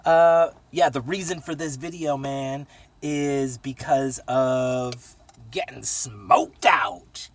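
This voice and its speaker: Medium-pitched and slow, this man tells rambling, profane stories in a relaxed vlog from a cramped little space, even singing a jingle. He sits far from the mic, and there's a little hiss or hum.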